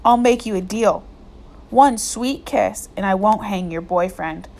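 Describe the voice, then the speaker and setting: A woman reading aloud voices a drunk, leering small-town male sheriff with a slow, lazy drawl. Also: medium pitch, vocal fry, darkish tone.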